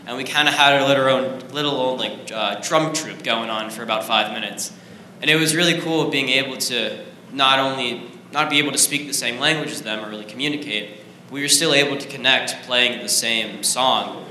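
A man's voice: mid-range voice, normal speed, pushed and bright. A man casually telling a church testimony in loose, laid-back phrasing. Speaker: student sharing a testimony. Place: church sanctuary. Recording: echoey hall, faint noise.

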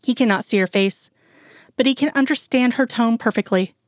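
Soft-spoken woman reading a story. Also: fairly high pitch, normal speed, dry recording, clean studio sound. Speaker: reader. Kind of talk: reading fan fiction aloud.

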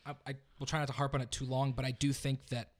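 Opinionated man in casual podcast chat. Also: medium pitch. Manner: animated, opinionated, quick to joke. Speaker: podcast co-host.

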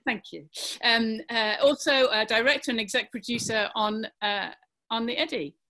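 Bright chatty woman host. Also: a little high, fairly even intonation, moderate pace. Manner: chatty, lots of ums and uhs. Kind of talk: panel interview host.

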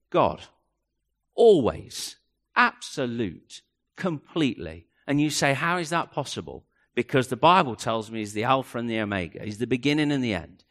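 A middle-aged man preaching a sermon, swinging from loud questions down to near hushes. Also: medium pitch. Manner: dramatic, rising and dropping to near hush. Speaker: pastor.

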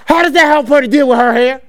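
A man preaching a sermon as pastor, conversational and animated, acting out little dialogues and laughing often. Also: very high-pitched, a little hiss or hum.

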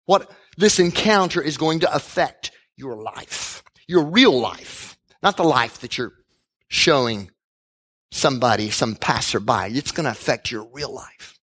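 A man voicing Jesus as a calm, patient teacher speaking earnestly to a woman in a retold story. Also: medium pitch, a little slow. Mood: probing.

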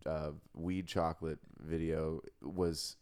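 A man's voice: extremely low pitch, level tone, slow pace, darkish tone, clean tone. A man co-hosting a casual podcast chat, loose and joking, swearing freely as he hypes things up. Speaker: podcast co-host.

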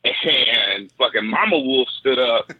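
A man's voice: mid-range voice, animated, slow pace, breathy edge. A man retells a story in loose, profane slang, chatting casually as a host. His voice sounds tinny, like a phone line. There is no room echo at all.

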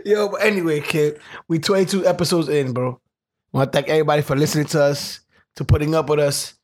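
A man's voice: on the high side, fairly even intonation, fast talker. A man co-hosting a podcast, joking loosely and egging on his partner. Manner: laughs along, loose and joking. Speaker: podcast co-host. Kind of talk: casual podcast banter.

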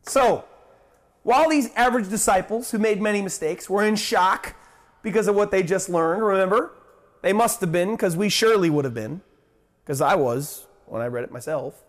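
A male pastor with a high-pitched voice delivers a sermon with fervent emphasis. He repeats key phrases and throws rhetorical questions at his listeners. His loudness swells on declarations and falls away to near-murmurs at the ends of lines. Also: expressive, normal speed. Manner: impassioned, rising and dropping sharply in loudness.

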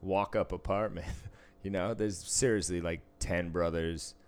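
A man's voice: low-pitched, steady tone, a little slow, a little mellow, clean tone. A man from the area, telling rambling, profane stories in casual chat and laughing often. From Boston area, US. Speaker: podcast co-host, casino dealer.

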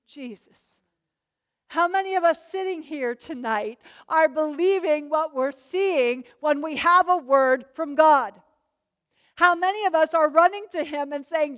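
A woman preaching a sermon, emphatic, swinging between loud declarations and soft low asides. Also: unhurried.

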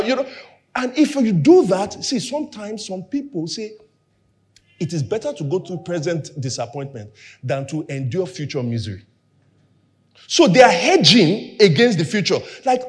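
A man's voice: high-pitched, moderate pace. A young man preaching a sermon, acting out quoted dialogue and dropping to near whispers for emphasis. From Nigeria. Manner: animated, acts out quoted dialogue. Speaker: pastor.

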